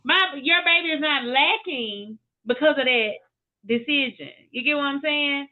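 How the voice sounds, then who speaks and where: A woman's voice: high-pitched, unhurried, narrow, tinny audio. A woman, a podcast guest, talking in a direct, encouraging, casual way. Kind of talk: casual conversation.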